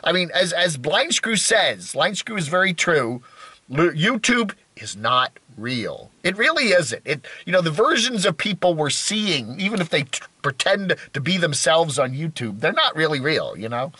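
A man's voice: fairly high pitch, big pitch swings, moderate pace, pushed and bright, husky, no echo. A middle-aged man from the United States talking at length on his own channel, rambling and self-deprecating, often restarting his sentences. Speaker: YouTuber. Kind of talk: rambling solo talk.

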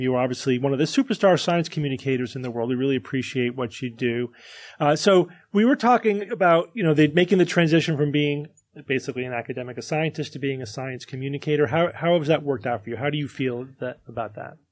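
A podcast host explains things at length and thinks aloud, then introduces a guest and questions him in a casual panel chat and interview. He speaks fast in a mid-range, darkish voice with no room sound.

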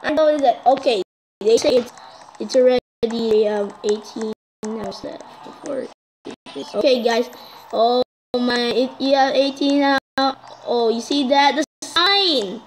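Girl gamer with a high voice, super excitable, chatting to viewers while she plays. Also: slow, a little hiss or hum. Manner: excitable, keeps repeating "guys". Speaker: gaming vlogger. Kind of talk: casual game commentary.

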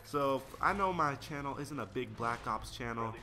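A man's voice: mid-range voice, lively intonation, normal speed. A young man rambling through casual gameplay commentary and stories, slangy and easily sidetracked. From United States. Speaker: gaming video creator.

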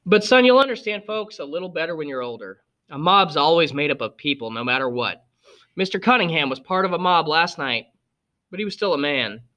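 A calm, wise middle-aged father speaks in a measured, patient way, as a man plays him. His tone is bright and clear, reasoning gently. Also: a little high, voice pushed up.

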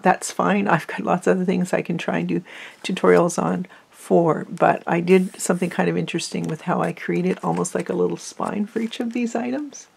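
A woman hosting a craft video, talking softly and fondly through a flip-through while losing her voice. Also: fairly low pitch, vocal fry. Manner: soft-spoken, fond, often drops to a near whisper. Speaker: crafting channel host. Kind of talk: casual journal flip-through.

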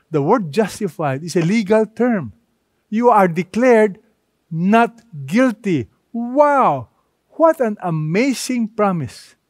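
A man's voice: high voice, darkish tone, no echo. A male pastor preaching a sermon, emphatic, asking rhetorical questions of the congregation.

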